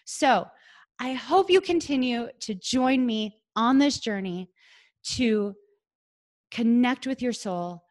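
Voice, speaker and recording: A woman's voice: on the high side, takes it slowly. Chatty woman podcast host. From American Midwest. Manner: chatty and earnest, heavy use of "like". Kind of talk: casual solo podcast monologue.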